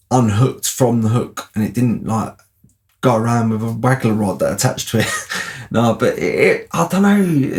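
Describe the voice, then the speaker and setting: A man's voice: medium pitch, a little mellow. A man telling a casual, rambling anecdote, often asking "you know what I mean". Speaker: storyteller.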